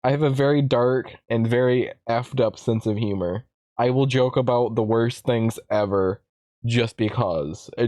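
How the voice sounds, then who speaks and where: A blunt, defiant male streamer rambles through casual chat at a close desk mic. His voice sits at a middling pitch and sounds dry, with no room around it. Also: a little mellow, no room sound. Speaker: streamer host. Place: home streaming setup.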